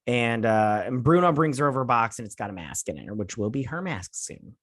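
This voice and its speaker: A man's voice: mid-range voice, expressive, a little fast, fairly bright tone, no room sound, clean studio sound. Rambling man recapping a show. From United States. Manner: rambling, many fillers and restarts. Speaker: host. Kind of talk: casual episode recap.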